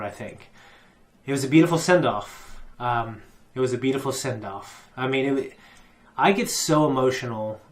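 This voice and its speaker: A man hosting a reaction channel, choked up and teary, rambling through an emotional episode recap with many restarts. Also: medium pitch.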